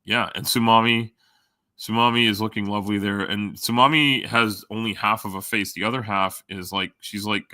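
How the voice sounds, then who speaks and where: A middle-aged man hosts a livestream, chatting with viewers in a loose, rambling way full of ums and restarts. His voice sits on the low side but comes across bright and sharp. The sound is dry and close. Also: no room sound. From Canada. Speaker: livestream host. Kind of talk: casual chat with live viewers.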